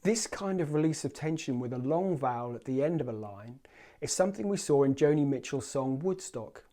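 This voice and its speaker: Measured, mellow-voiced male poetry host. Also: medium pitch, animated. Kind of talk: scripted literary commentary with recited lyrics.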